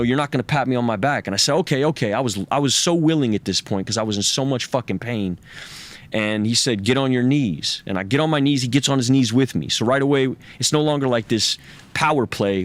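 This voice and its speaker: A man spills a raw personal story to an interviewer. His pitch sits in the middle of the male range, and he swears, stammers and repeats words. He slips into the voices of the people he quotes. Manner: profane, halting, repeats words, acts out quoted speech. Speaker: interview guest.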